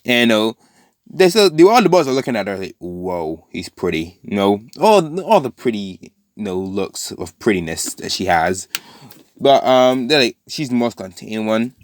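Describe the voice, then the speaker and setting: A man's voice: medium pitch, big pitch swings, no echo, studio quality. Rambling man improvising a fan story. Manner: rambling, self-correcting, with frequent fillers; briefly voices characters in quick quotes. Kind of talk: casual improvised story narration.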